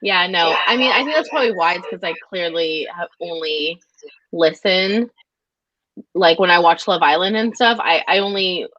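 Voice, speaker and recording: A chatty woman speaks in quick bursts, laughing often between thoughts. Her voice sits a little low and comes through a dull, lo-fi call mic with a very dry sound. It sounds like a relaxed video chat among friends. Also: dry recording. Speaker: host of a booktube live stream. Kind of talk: casual group video chat.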